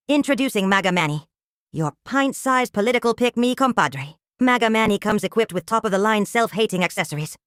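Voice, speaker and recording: A woman podcast host reading a mock commercial voice-over with a sarcastic, salesy pitch. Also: no echo, clean studio sound.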